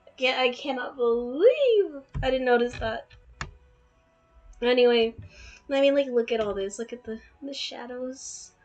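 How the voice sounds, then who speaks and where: A young woman plays a game at her computer, chatting freely with many fillers and quick laughs. She also reads the story aloud in a fairly high voice. Faint music runs underneath. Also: expressive, darkish tone, muffled recording. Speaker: game streamer. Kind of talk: let's play commentary and reading aloud.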